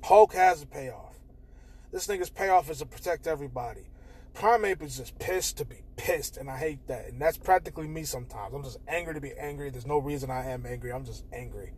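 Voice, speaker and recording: A young man hosting a casual solo podcast, talking candidly and with plenty of swearing, swinging between loud bursts and quiet mutters. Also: medium pitch, fairly quick, breathy edge. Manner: candid, profane, shifts between loud outbursts and quiet mumbling. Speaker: podcast host.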